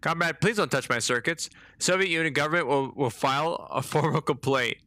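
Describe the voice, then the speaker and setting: Man reading as a bright, officious Soviet machine, dry sound. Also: a little high, fairly quick, no room sound. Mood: pleading. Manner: formal, clipped, officious. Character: stern Soviet computer, formal and bureaucratic.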